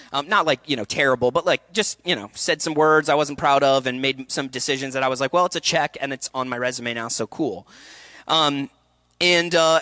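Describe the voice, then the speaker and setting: A young man with a bright, forceful voice tells an animated personal story to a festival audience. His delivery is candid and energetic. The sound is dry and close. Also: mid-range voice, no echo. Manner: energetic, candid storytelling with laughs and acted quotes. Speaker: actor and speaker. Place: event hall.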